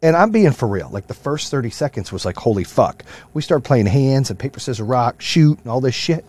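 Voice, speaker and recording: A man in his thirties or forties hosting a podcast, ranting with lots of profanity in a fired-up motivational way, then dropping to a low, quieter voice for stories. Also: big pitch swings, a little fast, slightly rough. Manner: swings from loud rants to low, quieter storytelling. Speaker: podcast host. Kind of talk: casual monologue.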